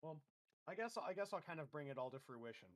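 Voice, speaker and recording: A man's voice: a little high, lively intonation, fast talker. A man playing a tabletop game, speaking in character with earnest, speech-like conviction. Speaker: player. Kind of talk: in-character tabletop role-play.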